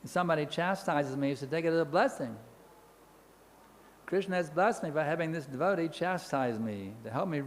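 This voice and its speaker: A man giving an animated scripture lecture, telling stories, acting out voices and chanting with playful repetition. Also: on the high side, moderate pace, long reverb tail, a little hiss or hum.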